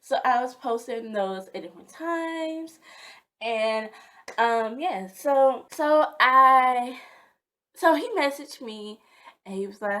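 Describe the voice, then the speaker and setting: A woman's voice: a little high, lively intonation, a little slow, a bit bright. A woman vlogger telling a casual storytime in a dramatic, chatty way.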